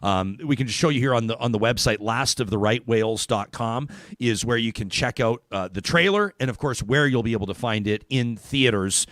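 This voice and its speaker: A man hosting a talk show, telling stories in a lively, rambling way with many restarts. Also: medium pitch, a little fast, no echo, clean studio sound. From Canada. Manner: animated storyteller, chatty with many restarts. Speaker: radio talk show host. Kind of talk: casual talk show chat.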